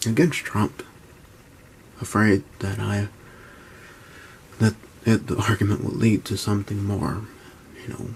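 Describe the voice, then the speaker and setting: Man in his twenties whispering low. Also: creaky, slight background noise. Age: 20s. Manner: whispering and speaking low, halting, with restarts. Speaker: YouTuber. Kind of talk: hushed vlog talk. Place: at home, indoors.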